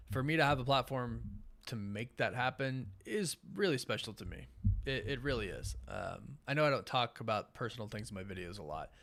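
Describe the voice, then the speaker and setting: A tired young man hosting a late-night live stream, rambling casually with many fillers as he thanks his viewers. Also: mid-range voice. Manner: enthusiastic, warmly thanks viewers. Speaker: host of a live watch party stream.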